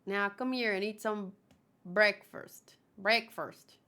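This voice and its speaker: A woman reading the lines of a kindly older farm woman who welcomes runaway children, in a slow, reassuring tone. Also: mid-range voice, fairly even intonation, pushed and bright.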